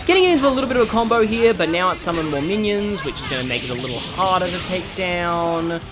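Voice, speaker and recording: Chatty let's-play host with lively pitch. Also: fast. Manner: chatty, exasperated at the boss. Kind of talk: gameplay commentary. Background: game music.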